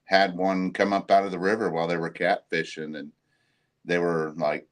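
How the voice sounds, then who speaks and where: Low-voiced relaxed male storyteller. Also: normal speed. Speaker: cryptid investigator guest. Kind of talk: casual storytelling.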